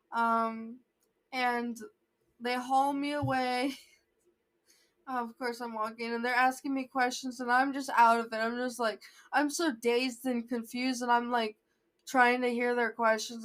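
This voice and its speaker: High-voiced woman rambling through a story. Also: a bit bright. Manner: rambling, sidetracked, self-interrupting. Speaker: vlogger.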